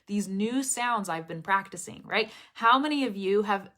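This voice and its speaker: A woman's voice: mid-range voice, expressive, normal speed, bright, forceful tone. Lady teaching live online, super chatty and upbeat with her students. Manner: enthusiastic, chatty, reads out student comments. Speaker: English pronunciation teacher. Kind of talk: live online lesson, casual address to students.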